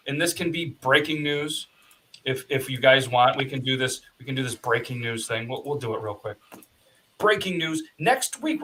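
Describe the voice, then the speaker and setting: A man hosting a casual podcast from his home studio, joking with quick asides as he reads out viewer comments. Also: on the high side, a bit bright, slight background noise, low-quality recording. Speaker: podcast host. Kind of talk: casual chat.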